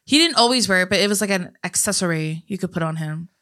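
Casting: young woman co-host, slightly low, bright tone, teasing and dry. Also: expressive, fast talker. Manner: teasing, dry, laughs often, reads listener questions. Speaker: podcast co-host. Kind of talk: casual chat.

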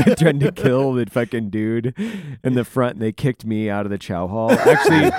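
A man telling a profane, animated war-zone story in a casual chat, breaking into laughter. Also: lowish voice, smooth, no echo, clean studio sound.

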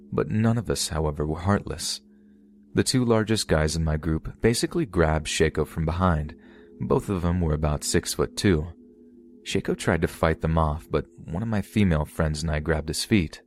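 Very deep male narrator, steady measured horror readings. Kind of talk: scripted horror story narration.

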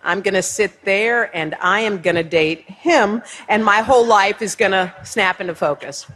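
A woman with a husky voice tells a story from a stage to a live audience. She is lively and self-mocking and acts out what other people said to her. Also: medium pitch, moderate pace, few pauses. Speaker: speaker. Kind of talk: storytelling keynote speech.

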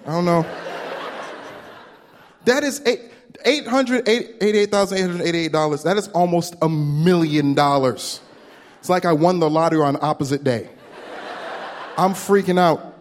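A man doing a stand-up comedy set, telling a story with quick voice impressions into a handheld stage mic at a live venue. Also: fairly high pitch. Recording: long hall reverb, faint room noise.

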